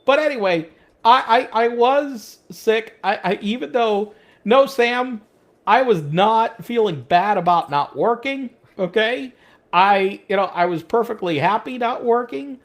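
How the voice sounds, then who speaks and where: Animated, lively-pitched middle-aged man. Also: measured pace. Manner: animated, profane, acts out quoted speech; stammering restarts. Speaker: podcast co-host. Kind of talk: casual chat.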